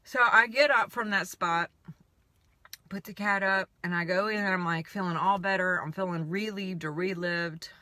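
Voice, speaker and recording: In a fairly low voice at normal speed, a female spiritual coach tells a story about her own life as a casual, animated monologue that wanders and keeps returning to "I'm like." The recording has no echo.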